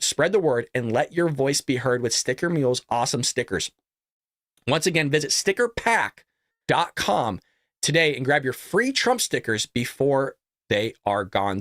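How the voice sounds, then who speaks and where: A man's voice: mid-range voice, fairly bright tone, no room sound, studio quality. A man hosting his own political commentary show, reading an ad and then ranting in a heated way with lots of rhetorical questions. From California. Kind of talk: casual political commentary and ad read.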